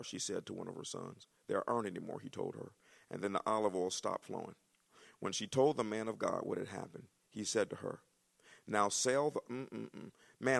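A male pastor, preaching a sermon with folksy asides that build into shouting excitement. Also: on the low side, creaky.

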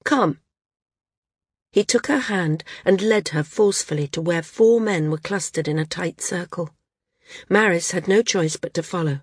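A woman narrating a novel audiobook in a steady storytelling manner. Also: on the low side, normal speed, breathy edge, dry recording, studio quality. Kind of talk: scripted narration.

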